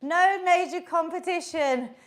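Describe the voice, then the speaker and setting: A fitness instructor leads a live online workout class in a high, bright voice, upbeat and encouraging as she counts down reps. She keeps an unhurried, measured pace and sounds slightly breathless from moving along.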